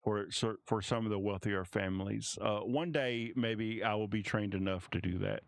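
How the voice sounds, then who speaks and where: A man narrating as game master of a tabletop game, halting and restarting often. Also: on the low side, steady tone, gravelly, dry recording. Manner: halting, many restarts and fillers.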